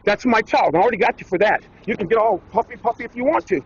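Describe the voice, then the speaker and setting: Man, high pitch, defiant and insistent, muffled lo-fi street clip. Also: fast talker, breathy edge. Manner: defiant, insistent, repeating phrases. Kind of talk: heated confrontation caught on camera. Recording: dull, lo-fi clip with faint background noise.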